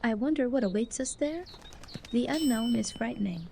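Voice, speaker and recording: Wistful gravelly game heroine. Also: female voice, a little high, expressive, moderate pace, warm tone, a little hiss or hum. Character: female game character musing on the climb. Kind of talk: game voice-over lines.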